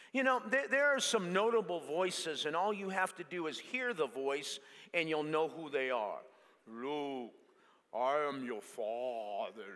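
A male pastor preaching an animated sermon that mixes in jokes. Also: high-pitched. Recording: long hall reverb.

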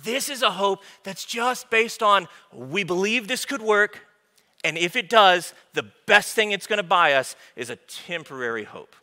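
A male pastor preaching an informal, animated sermon in a church, with joking asides to the congregation. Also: high voice. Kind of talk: conversational sermon. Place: church sanctuary. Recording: long hall reverb from a church room.

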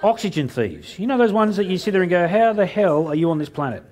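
A man's voice: high-pitched, sing-song, fast talker, a little mellow. A middle-aged Australian man giving a keynote speech to a live audience, telling cheeky stories and acting out both sides of his conversations. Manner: cheeky storytelling, acting out dialogue with a jokey punchline rhythm. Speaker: motivational speaker.

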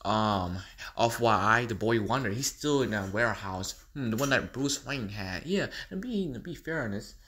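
A man's voice: on the low side, animated, moderate pace, a bit bright, a little hiss or hum. A man voicing an unhinged, gleeful male clown villain in a fan impression skit, taunting in a sing-song way, swinging between whispers and squeals, with a cackling laugh.

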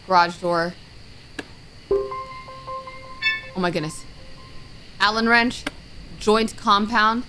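A woman streamer playing a horror game, reading the on-screen text aloud, muttering item names and letting out jumpy, frightened exclamations. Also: mid-range voice. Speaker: gaming streamer. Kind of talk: let's-play commentary.

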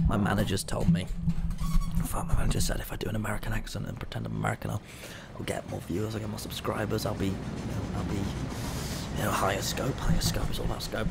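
A man's voice: fairly low pitch, sing-song, quick pace, vocal fry, noisy background. A young British man streaming a video game, joking and rambling to his chat. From Britain. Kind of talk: casual gaming livestream.

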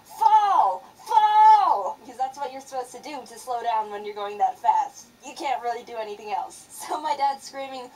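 A young woman animator telling a childhood story in a sarcastic, expressive narration. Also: a little high, fairly quick, hardly any pauses, distant mic, rough recording.

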